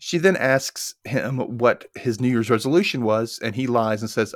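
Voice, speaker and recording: A man hosting a podcast, casually recapping a TV episode with animated storytelling and casual swearing. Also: mid-range voice, moderate pace, no echo, studio quality. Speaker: podcast host.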